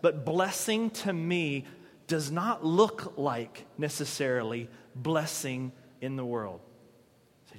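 A man preaching a sermon as pastor, animated and acting out quoted voices with bursts of loudness. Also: on the high side, takes it slowly, in a large hall.

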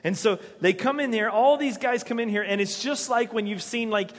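A man preaches to his congregation in an animated way, sometimes shouting out the lines of the people in his story. His voice sits high for a man. A long reverb from the large church hall trails behind him. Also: moderate pace. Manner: animated, acts out quoted voices loudly. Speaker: pastor. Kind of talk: sermon.

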